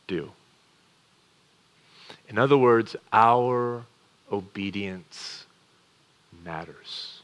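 A man preaching a sermon as pastor. He talks earnestly, moves between quick asides and slow, weighty phrases, and drops to a hush on key words. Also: lowish voice.

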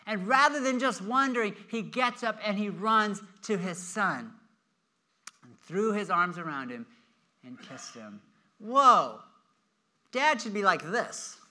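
Bright, lively preacher man. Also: high-pitched, a little slow. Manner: animated storytelling, acting out quoted voices. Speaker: pastor. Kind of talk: sermon.

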